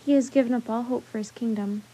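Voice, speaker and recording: A woman reading as a soft-spoken wise enchantress. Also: fairly high pitch, steady tone, slightly rough, rough recording. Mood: calm. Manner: soft, quiet, measured.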